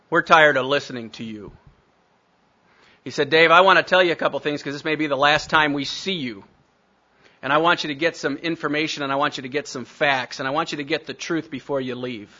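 A man's voice: a little high, quick pace, bright, forceful tone, muffled recording. A man telling his recovery story to a meeting, blunt and self-mocking. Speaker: speaker sharing recovery story.

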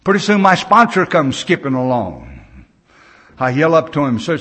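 A man's voice: fairly high pitch, wildly swooping pitch, moderate pace, fairly bright tone, slightly rough. A man in his sixties speaking at a recovery meeting, telling stories in a folksy, plain-spoken way with loose grammar.

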